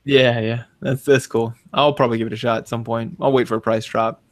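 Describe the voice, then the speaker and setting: A man in his thirties co-hosts a casual gaming podcast. He talks in an animated way and acts out the lines in his stories. The sound is dry and close, with no room echo. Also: medium pitch, fairly quick. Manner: animated storyteller, acts out quotes in big voices. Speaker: podcast co-host. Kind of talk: casual chat.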